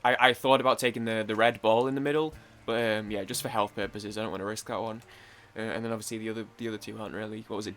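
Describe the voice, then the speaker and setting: A man's voice: lowish voice, vocal fry, a bit bright, slight background noise. A young British man rambling chattily through casual let's-play commentary, full of fillers and swearing. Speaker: gaming YouTuber.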